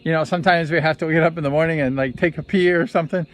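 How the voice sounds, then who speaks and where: A man's voice: a little high, steady tone, racing, soft background music. A man and former motorcycle racer telling a story in a rambling, conversational way, sometimes correcting himself. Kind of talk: casual storytelling vlog.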